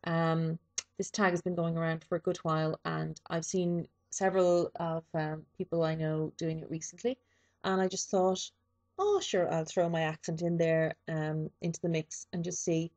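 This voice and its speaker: A woman's voice: sits low, level tone, moderate pace, a little mellow. A woman with an East Coast Irish accent from Dublin, chatting casually and reading a word list with dry humour and frequent ums. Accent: Irish, East Coast (Dublin area). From Ireland (Dublin). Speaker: vlogger.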